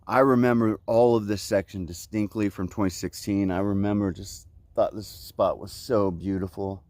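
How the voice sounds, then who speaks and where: A man's voice: fairly low pitch, fairly even intonation, normal speed, darkish tone, no room sound. A man in his forties from Central Florida, vlogging casually on a hiking trail outdoors, with laid-back surfer talk full of "like, you know, man.". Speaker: thru-hiker vlogger.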